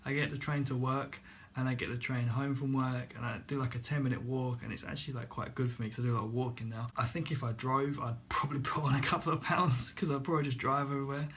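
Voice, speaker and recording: A young man casually telling a story to his vlog, animated, laughing at himself and acting out the voices of others. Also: mid-range voice, fast. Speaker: vlogger.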